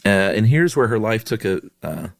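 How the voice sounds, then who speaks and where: A man co-hosting a podcast in casual chat, relaxed and self-deprecating with many fillers. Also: fairly low pitch, moderate pace, vocal fry, no room sound, studio quality. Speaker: podcast co-host.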